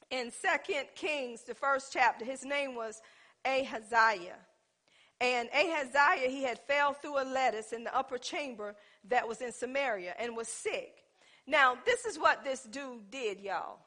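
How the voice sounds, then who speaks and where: A woman preaching a sermon, talking with the congregation and swinging from loud exhortation to soft asides. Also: high-pitched. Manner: conversational, calls out to the congregation.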